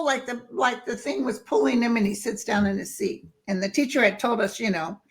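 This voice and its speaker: Lively woman telling stories with quoted voices. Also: a little high, fairly quick, hardly any pauses. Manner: lively storyteller who acts out quoted voices. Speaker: guest. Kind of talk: casual storytelling chat.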